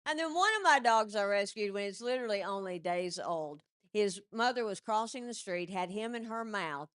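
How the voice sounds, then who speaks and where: A woman comedian telling animated stand-up stories into a stage mic and laughing at her own jokes. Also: medium pitch, smooth, no echo, clean studio sound.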